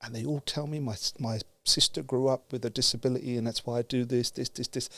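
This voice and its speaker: A man from the UK telling a story with lively energy, acting out the dialogue and laughing as he goes. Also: mid-range voice, no room sound. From United Kingdom. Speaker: guest speaker. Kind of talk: animated storytelling.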